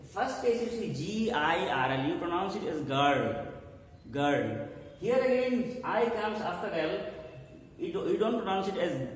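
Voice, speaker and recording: A man teaching an English lesson who explains slowly, spells out letters and pauses often with "uh". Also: on the high side. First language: not English. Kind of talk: classroom-style lesson. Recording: echoey hall, voice from far off.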